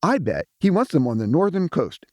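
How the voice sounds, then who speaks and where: A jealous, prying younger brother among vast cosmic beings, as a man puts him on for an audiobook, pitched up from a mellow, husky voice that swings high and low. He needles and pushes, resentment barely hidden. The sound is dry and close. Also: very animated, dry recording, exaggerated voice. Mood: eager. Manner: prying, jealous, quick to anger. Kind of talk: audiobook character voice.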